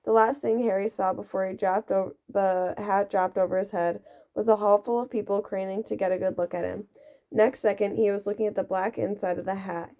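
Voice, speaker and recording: A woman's voice: medium pitch, steady tone, a little fast, mellow. A woman doing an amateur audiobook reading, often slipping and restarting, on a dull lo-fi recording. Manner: reads with frequent slips and restarts. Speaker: reader.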